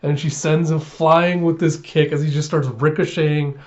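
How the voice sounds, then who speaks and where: A man's voice: on the high side, flat delivery, normal speed, a little mellow. A young man hosting a casual reaction video, chuckling often and filling with uhs. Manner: chuckling, many fillers. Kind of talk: casual chat. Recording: slightly muffled lo-fi audio.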